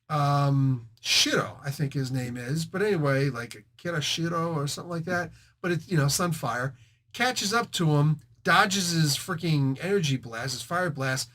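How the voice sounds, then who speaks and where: A man's voice: fairly high pitch, fairly bright tone. A man hosting a casual comic book review, retelling the story with slang and sound effects.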